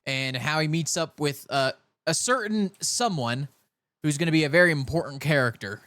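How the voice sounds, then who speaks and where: Young man, soft Southern cowboy drawl, rambling chatty stream talk, fairly high voice, dry close sound. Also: lively intonation, normal speed, no echo. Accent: soft put-on Southern cowboy drawl. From California. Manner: rambling, chatty, self-interrupting. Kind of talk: casual live-stream chat while gaming.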